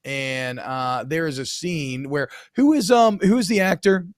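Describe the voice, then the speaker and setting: A man in his thirties co-hosting a sports podcast, telling a self-mocking story in an animated way. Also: fairly high pitch, unhurried, dry recording, clean studio sound. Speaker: co-host. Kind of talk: casual sports podcast chat.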